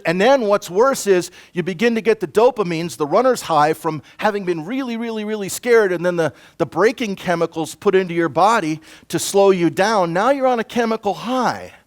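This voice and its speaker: Lively man giving a conference talk. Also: on the high side. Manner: lively, conversational lecturing with asides to the audience. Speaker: self-defense instructor. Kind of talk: conference presentation. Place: conference room.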